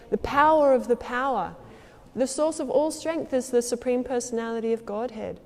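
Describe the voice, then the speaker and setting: A woman telling a devotional story as a sermon, acting out the lines of its characters with changes in loudness and pace. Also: high-pitched. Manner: acts out quoted lines with shifts in loudness and pace. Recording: long hall reverb.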